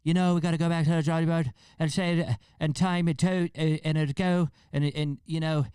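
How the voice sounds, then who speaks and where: A man's voice: fairly high pitch, fairly even intonation, a little fast, mellow, clean tone, dry recording, studio quality, pitched above the performer's own voice, close to an everyday voice. A man putting on an Irish accent to impersonate a dazed male fighter, slurring his words and dropping his hard T's. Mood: groggy. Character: groggy, mumbling Irish male fighter impression.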